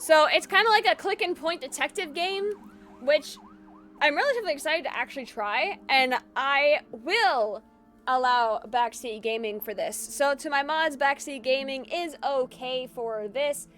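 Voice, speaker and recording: A woman's voice: high voice, lively intonation, unhurried, a bit bright, faint music behind. A woman streamer giving chatty, casual gaming commentary, giggling often and swearing casually.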